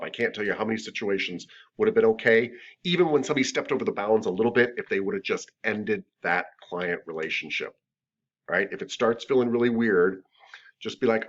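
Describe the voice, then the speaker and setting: A man's voice: fairly low pitch, fairly quick. A man teaching a massage therapy class in a casual, joking, conversational lecture. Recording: dull lo-fi lecture recording.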